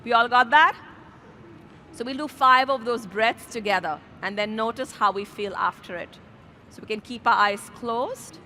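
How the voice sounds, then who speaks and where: A woman yoga instructor calmly guiding a class outdoors through breathing exercises, speaking slowly and gently. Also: a little high, a little hiss or hum. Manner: calm, slow, gently instructive. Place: outdoors in a city square.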